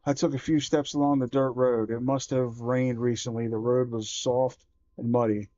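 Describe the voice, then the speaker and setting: A man reading a children's horror book aloud, slow and measured with small self-corrections. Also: mid-range voice, level tone, dark tone, dry recording, dull audio.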